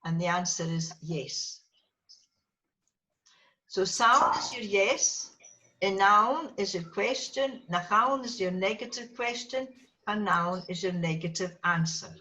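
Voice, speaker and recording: A woman teaching Gaelic to a small class speaks at a slow pace, her medium-pitched voice sharp in tone. She patiently repeats every word for her students to say back.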